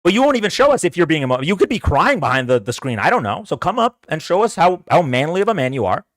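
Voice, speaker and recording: Talking fast with big swings in his slightly high voice, a man hosting a livestream political debate launches into a heated rant. Combative and sarcastic, he goads viewers to come on and argue; there's no echo.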